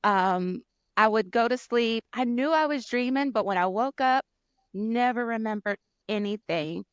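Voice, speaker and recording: A woman co-hosting a casual chat podcast, encouraging and quick to laugh. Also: fairly high pitch, clear, resonant tone, dry recording. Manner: warm, encouraging listener, laughs easily. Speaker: podcast co-host.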